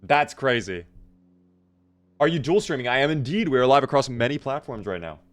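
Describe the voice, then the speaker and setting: A man's voice: medium pitch, lively intonation, fairly quick. A man streaming a game live, chatting casually with viewers in a joking way and swearing freely. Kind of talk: casual live gameplay chat.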